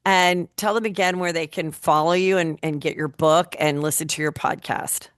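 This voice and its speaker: A woman hosting a podcast interview, chatty and quick to jump in with questions. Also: deep voice, fairly even intonation, smooth, no room sound, clean studio sound. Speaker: podcast host. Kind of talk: casual interview chat.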